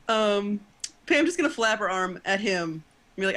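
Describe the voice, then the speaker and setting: A woman at a middle pitch with a bright, forward tone, playing her character at a tabletop game. She speaks casually and giggles between lines. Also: lively intonation, slow. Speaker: player. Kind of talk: tabletop role-play chat.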